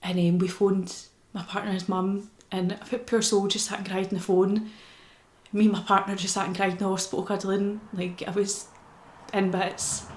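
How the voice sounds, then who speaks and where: A woman's voice: medium pitch, a little hiss or hum. Scottish woman, vlogger, earnest and emotional, mid-range voice, echoey room. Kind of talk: casual personal health update.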